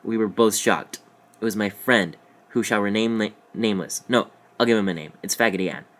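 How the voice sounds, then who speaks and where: Young male vlogger, low-pitched, casual rambling comic storyteller, jokey asides. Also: brisk, a bit bright.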